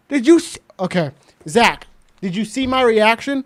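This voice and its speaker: A man's voice: extremely high pitch, animated, moderate pace, fairly bright tone. A young man chatting casually on a stream, rueful and laughing at himself.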